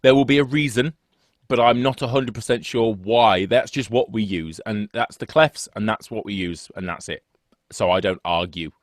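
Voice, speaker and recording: Speaking at a normal pace in a lowish voice, a man teaches music theory online via video call, using a desk mic at his two-screen home setup. He rambles into asides and jokes at his own expense. The recording is dry and clean, like a studio.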